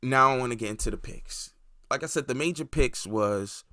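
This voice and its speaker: Guy rambling thru a show recap, lots of "like", swears a bunch, dry close sound, average pitch. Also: moderate pace, pushed and bright, dry recording. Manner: loose, profane, rambling recap full of "like" fillers. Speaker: host of a movie review channel. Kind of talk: casual spoken series review.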